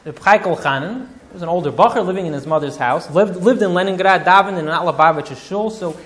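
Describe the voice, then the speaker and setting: A male rabbi telling a story in a dramatic, animated way, using Yiddish and Hebrew terms. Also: sits high, fast. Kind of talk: storytelling talk.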